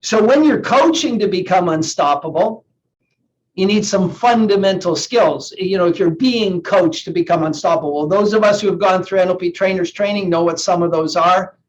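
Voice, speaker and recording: Earnest higher-voiced male coach. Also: normal speed. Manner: earnest, repeats words while thinking. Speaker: NLP coach. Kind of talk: live online coaching session talk. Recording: slightly dull lo-fi sound with faint hiss.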